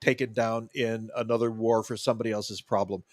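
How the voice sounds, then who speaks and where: A man's voice: fairly low pitch, level tone, brisk, no room sound, clean studio sound. Blunt, swearing middle-aged man. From United States. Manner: blunt, swearing, reads articles aloud with sarcasm. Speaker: co-host. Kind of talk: casual political talk show.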